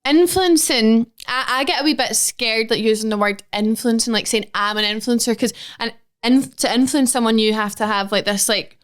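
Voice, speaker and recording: A woman's voice: a little high, moderate pace, hardly any pauses, clean tone. A Scottish woman in her twenties, chatting casually as a podcast guest, self-deprecating and full of "like" fillers. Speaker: guest, social media influencer.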